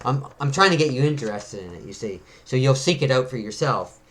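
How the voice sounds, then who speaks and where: A man in casual conversation, reading a comic book aloud and dropping into quick little voices for its characters as he goes. His voice sits at a middle pitch. He talks in an easy, chatty way. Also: expressive, fairly bright tone, slight background noise. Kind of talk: casual read-through of a comic.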